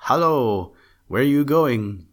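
A man voicing a naive, eager young male simpleton who calls out brightly in a storybook reading. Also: mid-range voice, expressive, normal speed, voice pushed up, close to an everyday voice.

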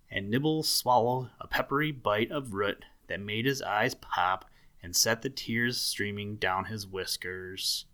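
A man narrating a children's animal story aloud, gentle and storytelling, with dramatic swells. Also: lowish voice, a little slow.

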